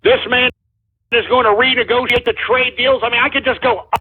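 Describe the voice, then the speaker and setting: A radio host rants in an excited, fired-up way, piling on repeated phrases and curses. His voice sits very high and sounds husky and worn. It comes through a narrow, tinny phone-like line. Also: brisk. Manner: fired-up, shouty, swears and repeats himself. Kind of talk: excited call-in radio rant.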